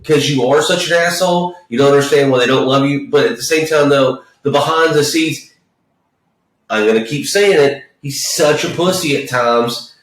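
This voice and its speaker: A man's voice: fairly high pitch, normal speed. A man co-hosting a podcast, talking casually about a movie in a rambling, profane way full of restarts. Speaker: podcast co-host. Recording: echoey room, distant mic.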